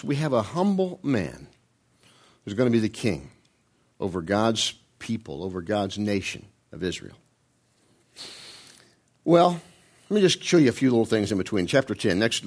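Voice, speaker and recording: A man preaches, retelling a Bible story in an animated, conversational way, his pitch jumping upward as he frequently restarts his words.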